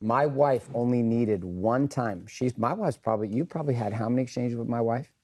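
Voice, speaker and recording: A man's voice: mid-range voice, brisk, warm tone. A middle-aged man speaks candidly to a group in a mid-range voice. His talk is earnest and peppered with swearing. He keeps turning to the room with questions and asking for raised hands. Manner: blunt, profane and earnest. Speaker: speaker leading a group session.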